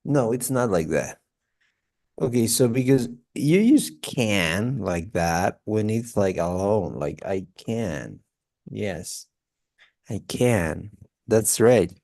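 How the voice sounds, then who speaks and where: A man's voice: fairly low pitch, expressive, slow, vocal fry, a little mellow. A man giving a one-on-one English pronunciation lesson, patiently repeating example sentences with many fillers. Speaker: English tutor.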